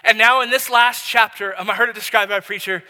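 A man's voice: high voice, steady tone, fast, bright, forceful tone. A man in his thirties, a pastor preaching a sermon, telling a personal story in a conversational way with many restarts. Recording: long hall reverb.

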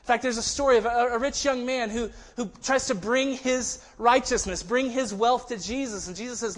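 This pastor's voice is very high and fairly bright, moving at a moderate pace with few pauses. Delivering his sermon conversationally, he often starts phrases over and performs the voices of the people he quotes.

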